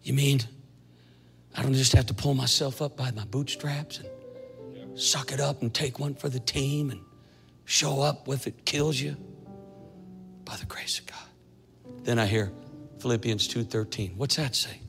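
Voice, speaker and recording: A man in his sixties preaching a testimony sermon, telling his story dramatically and building to fervent shouting. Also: medium pitch, a little slow, vocal fry. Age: 60s. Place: church sanctuary. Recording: echoey church hall with faint music.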